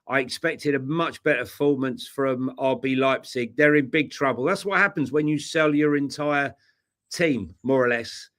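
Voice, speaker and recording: A man's voice: mid-range voice, normal speed, a bit bright. A tired man co-hosting a casual football chat, blunt and jokey. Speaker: co-host.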